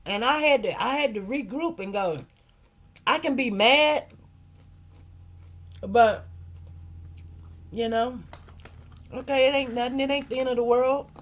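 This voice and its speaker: A woman's voice: a little high, unhurried, long pauses. A middle-aged woman hosting a casual livestream, telling stories and preaching in an emphatic, heartfelt way. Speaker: livestream host.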